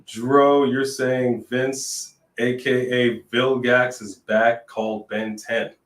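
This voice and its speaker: Animated man talking wrestling, echoey room. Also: mid-range voice, slow, far from the mic. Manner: animated, sings jokingly, reads in a newscaster voice. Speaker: podcast co-host. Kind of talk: casual wrestling chat.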